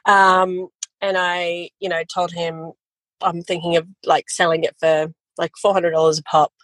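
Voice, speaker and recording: A woman, a guest telling her business story in a casual interview, animated and quick to laugh. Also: on the low side, no echo, poor audio. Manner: animated storytelling, quotes family in voices, laughs often. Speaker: guest, photography educator.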